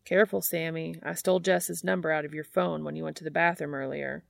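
A woman's voice: low voice, level tone, a little fast, creaky, no echo. A woman voicing a guarded young man who chokes up, then turns to teasing his brother.

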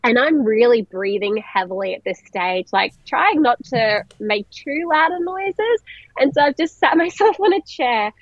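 A young woman with a fairly high voice tells her story in a chatty, animated way, full of "like" and little laughs. The sound is dry and a bit dull and lo-fi, with no room echo. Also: measured pace. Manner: chatty, animated, laughing often, many "like" fillers. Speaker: vlogger telling her birth story. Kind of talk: casual storytelling.

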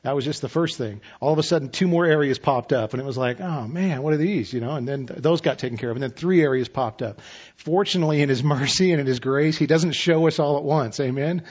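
A man in his fifties preaching a sermon as pastor, relaxed and conversational with self-deprecating humor. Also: on the high side, fast, husky, highs cut off.

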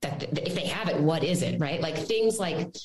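A woman who teaches mindfulness and breathwork, an interview guest explaining a framework in an animated way, tagging her points with "right?". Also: low voice, moderate pace, reverberant, poor audio. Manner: animated, frequent tag questions and fillers.

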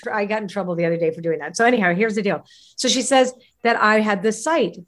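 Woman from Canada, interview guest, animated storyteller, laughs a lot, acts out quoted voices. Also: medium pitch, quick pace. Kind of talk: personal storytelling in conversation.

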